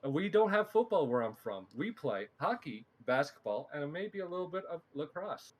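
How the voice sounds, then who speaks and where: A young man from Newfoundland with a light Newfoundland accent, chatting in a joking, playful way as a guest on an online show. His voice sits a little higher than most men's. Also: big pitch swings, normal speed, a little hiss or hum. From Newfoundland, Canada. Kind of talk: casual chat.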